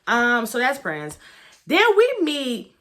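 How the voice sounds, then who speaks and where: A woman's voice: a little high, wildly swooping pitch, slow pace, a bit bright. A woman giving a candid, gossipy review of a reality show in a casual vlog, talking with lots of fillers and profanity.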